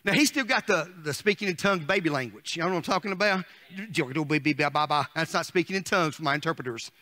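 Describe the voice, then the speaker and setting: Middle-aged man as a preacher, sharp and bright, fiery sermon full of questions to the pews. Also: on the high side, fairly quick. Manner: swings from shouted declarations to soft asides. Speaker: pastor.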